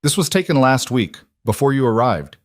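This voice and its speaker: A man playing a calm, menacing mob boss with a Russian accent, recorded dry and close. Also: mid-range voice, normal speed, no room sound, pitched above the performer's own voice, close to an everyday voice.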